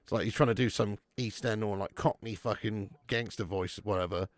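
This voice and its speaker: A man's voice: on the low side, brisk, no room sound. A man hosting a live football watch-along, reading the chat and chatting with viewers in a casual, sweary way, calling everyone mate and laughing often.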